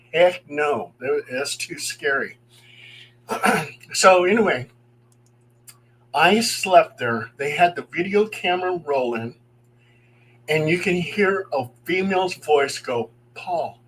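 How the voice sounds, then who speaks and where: A middle-aged paranormal investigator tells his ghost stories with gusto, and his voice sits a little high for a man. He acts out the voices of the people in his stories and chuckles now and then. A faint hum runs under the recording. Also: low-quality recording. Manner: animated, acts out quoted voices, chuckles as he talks. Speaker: paranormal investigator and guest storyteller. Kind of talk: telling true ghost stories on a live stream.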